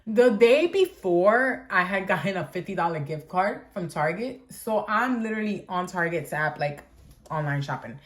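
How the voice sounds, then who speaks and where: A woman's voice: on the low side, normal speed, fairly bright tone. A young woman vlogger telling a storytime tale in a chatty, dramatic way, full of fillers like "like". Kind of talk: storytime vlog.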